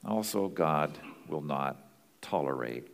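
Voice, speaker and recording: A man's voice: extremely low pitch, lively intonation, slow pace, creaky, big-room sound. A man teaching as a pastor and marriage counselor, earnest and plain-spoken in a conversational way.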